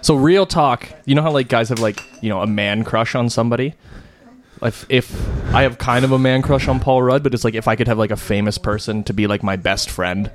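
A man's voice: medium pitch, fairly even intonation, brisk, slight background noise. A young man chatting casually on a podcast, rambling with lots of fillers. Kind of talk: casual chat.

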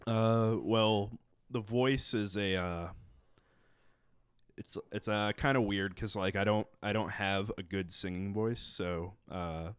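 Low smooth-voiced man, halting. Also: steady tone, no room sound. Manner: halting, many fillers and restarts. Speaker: podcast guest musician. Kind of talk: casual chat.

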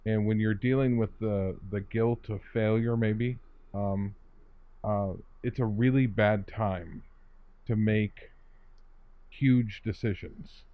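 Guy musing slowly in a podcast chat, dull lo-fi sound, no room echo at all. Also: lowish voice, steady tone. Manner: reflective, measured, restarts phrases. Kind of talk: casual discussion.

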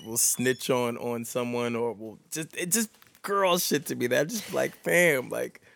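A man co-hosting a podcast in casual chat, blunt and animated, swearing and laughing as he talks. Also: medium pitch, unhurried, creaky. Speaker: podcast co-host.

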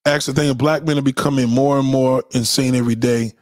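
A man's voice: mid-range voice, steady tone, fairly quick, a little mellow, no room sound, studio quality. A man hosting a livestream, ranting at his live chat in a profane, combative way, often repeating himself. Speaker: livestream host. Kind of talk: unscripted rant to a live chat.

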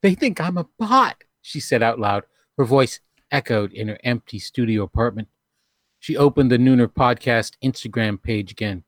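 A man's voice: medium pitch, normal speed, no room sound. Male podcast host, dry close mic, theatrical comic reader. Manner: dramatic storytelling, breaking into laughs. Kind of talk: comic reading of fan fiction.

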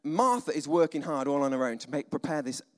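A male preacher giving a conversational, animated sermon, full of asides and dramatic sighs. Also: fairly high pitch, quick pace. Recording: long hall reverb.

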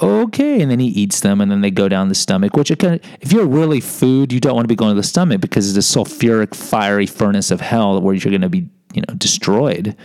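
A man in his fifties tells a personal story in a loose, wandering way, full of wry asides and self-mockery. His low voice is gravelly with fry and sounds close and dry, with no room around it. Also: darkish tone, no room sound, low-quality recording. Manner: digressive, wry, self-mocking. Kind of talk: rambling personal storytelling monologue.

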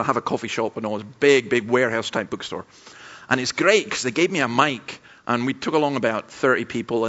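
A man preaches a sermon at a church camp, talking through stories with a chatty, aside-filled manner. His voice sits at an ordinary middle pitch. The recording sounds dull and muffled, like a modest lo-fi capture of the talk. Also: bright, forceful tone. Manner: conversational storytelling with asides.

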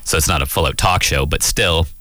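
Male radio host, deep voice, dry close sound, thoughtful and halting. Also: pushed and bright, dry recording. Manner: thoughtful, hesitant, circles back to his point. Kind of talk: casual chat.

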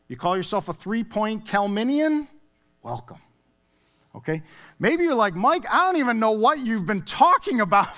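A man preaching a sermon in a conversational way, often checking in with "okay?" and "all right?". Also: fairly high pitch. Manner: conversational, animated, with frequent "okay?" asides. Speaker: pastor.

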